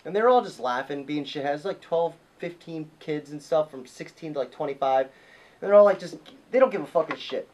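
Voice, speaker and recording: A man hosting a casual podcast, telling a story in a profane, excitable way. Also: on the high side, brisk. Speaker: podcast host.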